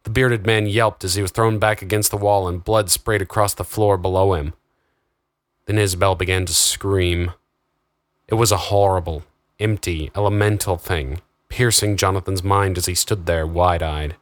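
A man reading a fantasy novel aloud in steady, dramatic narration. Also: low voice, normal speed, dry recording, studio quality. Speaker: audiobook narrator. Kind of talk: scripted narration.

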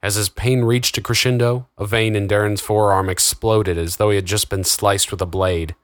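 Low-voiced male audiobook narrator. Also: moderate pace, no echo, clean studio sound. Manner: steady, dramatic storytelling. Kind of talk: scripted narration.

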